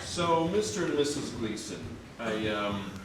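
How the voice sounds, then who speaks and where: A man hosting and performing in a live improv comedy show, talking haltingly with many fillers and restarts. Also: medium pitch, sing-song, noisy background. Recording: echoey room mic from far off.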